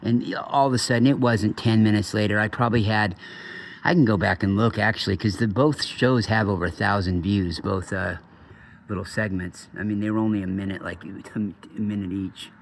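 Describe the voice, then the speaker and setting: A man with a low, gravelly voice talks off the cuff for his channel. He swears freely and wanders from one aside to the next, circling back to finish his story. It sounds like loose, unscripted monologue talk. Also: fairly even intonation, normal speed. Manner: profane, digressive storyteller. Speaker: channel host. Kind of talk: rambling casual monologue.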